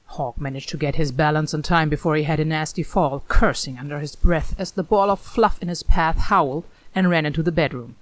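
A woman narrating a story aloud in an expressive, animated reading style. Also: deep voice, brisk, hardly any pauses, no echo.

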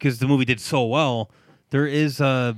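A man hosting a podcast, chatting casually about movies, emphatic and quick to laugh. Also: mid-range voice, steady tone, no room sound, studio quality. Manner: emphatic, laughs often, urges listeners. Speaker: podcast host.

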